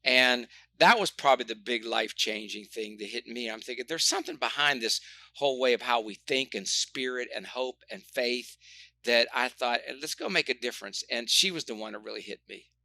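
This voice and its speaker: A man, a sports psychologist, telling stories in an animated, motivational way, often doubling his words. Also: medium pitch, moderate pace, dry recording. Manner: animated, anecdotal, repeats words. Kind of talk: motivational storytelling.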